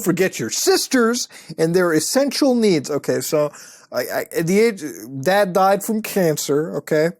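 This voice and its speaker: A man's voice: high-pitched, sing-song, measured pace, dry recording, studio quality. A man hosting an online show, giving sarcastic, profane commentary as he browses and mocks websites. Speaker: host.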